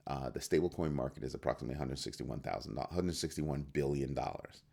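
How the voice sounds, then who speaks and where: A man's voice: rumbling low, gravelly. A man hosting a crypto news show in casual solo commentary, firing rhetorical questions and restarting his phrases. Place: home studio at a computer.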